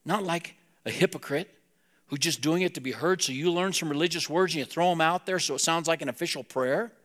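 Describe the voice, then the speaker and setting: A man's voice: on the high side, fairly quick, fairly bright tone. A man preaching a sermon as a pastor, talking plainly and directly to his congregation.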